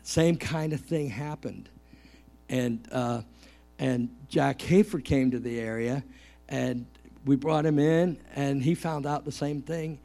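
A middle-aged male pastor preaching a lively sermon, joking and calling out questions to the congregation. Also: mid-range voice, gravelly.

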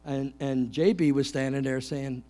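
A middle-aged male pastor preaching a lively sermon, joking and calling out questions to the congregation. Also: mid-range voice, moderate pace, faint music behind.

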